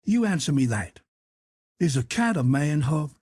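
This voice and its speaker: A man's voice: a little high, sing-song, measured pace, darkish tone, husky, dry recording, heavily acted. A man reading an audiobook, voicing a stubborn, folksy grown man who argues insistently in heavy dialect.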